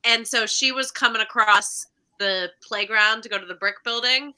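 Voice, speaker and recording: A woman's voice: a little high, moderate pace, bright, forceful tone, clean tone, low-quality recording. A woman co-hosting a casual chat, telling a story in a gushing, giggly way.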